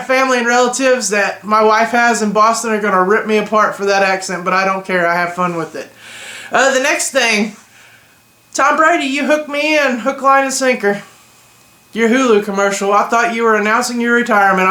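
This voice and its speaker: High-voiced, bright man vlogging reactions. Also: reverberant. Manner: opinionated and joking, slangy. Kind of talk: casual reaction vlog.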